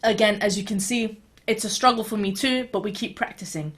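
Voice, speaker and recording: A woman's voice: mid-range voice, brisk, a bit bright. A woman teaching beatboxing in an online video lesson, talking casually with fillers in a reassuring, encouraging way.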